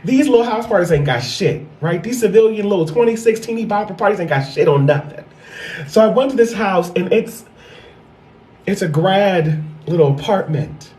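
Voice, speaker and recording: Sassy high-voiced man in an echoey room. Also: a little mellow. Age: 30s. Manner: sassy, profane, repeats punchlines. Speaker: stand-up comedian. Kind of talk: stand-up storytelling.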